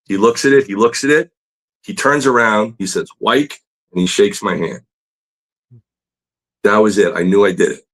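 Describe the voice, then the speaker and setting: A man's voice: lowish voice, moderate pace, pauses often, rough recording. Chatty male comic artist telling a story. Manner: animated, laughs often, many fillers. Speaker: guest comic book artist. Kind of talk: casual storytelling in a podcast interview.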